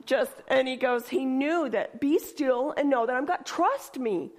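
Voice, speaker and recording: A woman leading a church service who reads scripture slowly, then preaches in a lively, chatty way and often laughs while speaking. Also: high-pitched. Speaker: church worship leader. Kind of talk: sermon.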